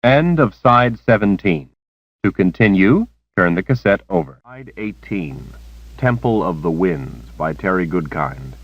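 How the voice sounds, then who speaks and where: Brief: deep male narrator reading steadily, close and dry, lo-fi tape. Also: expressive, a little slow, no echo. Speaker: audiobook narrator. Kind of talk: audiobook narration. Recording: dull lo-fi cassette recording.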